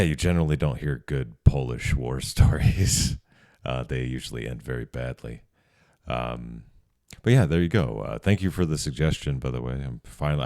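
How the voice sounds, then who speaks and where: A man hosting a reaction video, chatting casually in a relaxed, rambling way and chuckling often. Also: rumbling low, no echo, studio quality.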